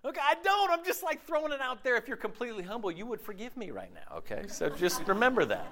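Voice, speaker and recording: A man's voice: very high voice, sing-song, fast, a crowd in the background. A male pastor preaching a sermon in a casual, joking, slangy way.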